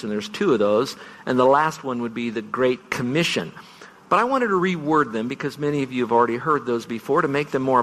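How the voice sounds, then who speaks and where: A middle-aged man pastor delivers an earnest farewell sermon, telling stories and leaning hard on single words. His voice sits at an ordinary middle pitch. A long reverb trails each phrase through a large church sanctuary. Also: fairly bright tone. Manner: earnest, storytelling, stresses words for effect.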